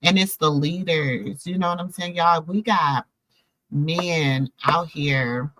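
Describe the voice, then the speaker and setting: A middle-aged woman telling stories in a casual chat to her viewers, animated and calling out to them. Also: low-pitched, slow, slight background noise, poor audio. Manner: animated storytelling, calls out to viewers. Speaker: host.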